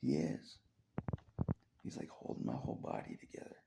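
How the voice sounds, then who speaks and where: An exhausted man rambling in a half-whispered voice. He repeats himself and chuckles softly between phrases. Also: moderate pace, heavy background noise. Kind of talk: rambling spoken confession.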